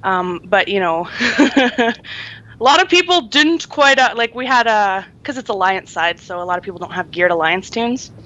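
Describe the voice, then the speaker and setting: Woman podcast co-host, bright voice, chatty, lo-fi sound. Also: medium pitch, animated, moderate pace. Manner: chatty, laughing often, many ums. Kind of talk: casual chat.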